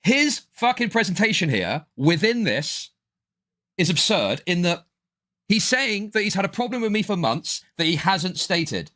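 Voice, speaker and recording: A man's voice: high voice, big pitch swings, measured pace, pushed and bright. A man doing casual stream commentary, rambling and hedging, peppered with "bro" and "dude".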